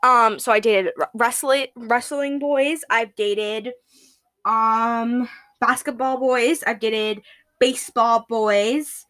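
High-voiced giggly teenage girl podcaster. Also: fairly even intonation, takes it slowly, fairly bright tone. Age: teens. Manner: giggly, gushing, laughs at her own jokes. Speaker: podcast host. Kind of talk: casual solo podcast chat.

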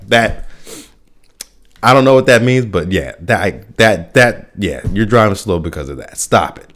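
Rambling low-voiced man ranting casually. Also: expressive, normal speed, a bit bright. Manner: rambling, lots of fillers and restarts, laughs at himself. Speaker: podcast host. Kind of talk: casual solo podcast rant.

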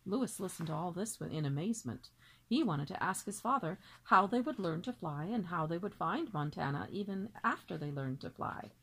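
A woman teacher reads a children's book aloud, gentle and expressive. Her middle-pitched voice rises and falls a lot as she tells the story. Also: gravelly, husky, rough recording.

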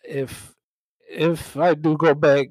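A man's voice: fairly high pitch, little pitch movement, a little mellow, no room sound, rough recording. Young man musing reflectively. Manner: measured, reflective with frequent "um" and "you know". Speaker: podcast co-host. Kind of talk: casual chat.

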